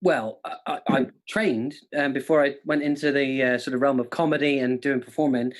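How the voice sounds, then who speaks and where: A comedian co-hosting a quiz who talks in a playful, jokey way and slips into silly voices. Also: male voice, mid-range voice, fairly even intonation, fairly quick. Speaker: comedian co-host.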